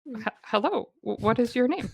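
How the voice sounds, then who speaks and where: A woman's voice: mid-range voice, unhurried, vocal fry, no echo, studio quality. A woman voicing a polite female goblin ranger who stammers and hesitates. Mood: polite, halting.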